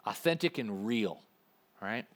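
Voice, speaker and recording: A man preaching a sermon in a conversational, animated way, acting out little asides to the congregation. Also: lowish voice, measured pace. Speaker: pastor.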